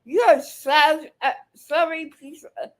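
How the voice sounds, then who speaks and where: Angry woman reaction commentator, high voice, slow and scolding, heavy profanity. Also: steady tone, crowd noise. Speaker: video commentator reacting to clips.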